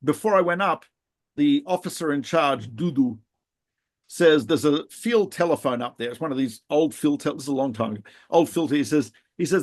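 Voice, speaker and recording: This rabbi, middle-aged, tells energetic stories while co-hosting a casual podcast, with laughs and restarts. His voice is on the high side and his speed is normal.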